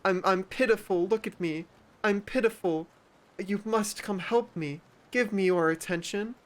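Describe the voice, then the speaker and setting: A man's voice: high voice, measured pace, pitched above the performer's own voice. A man putting on the voice of a melodramatic, self-pitying attention seeker who mopes and pleads. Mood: mopey pleading.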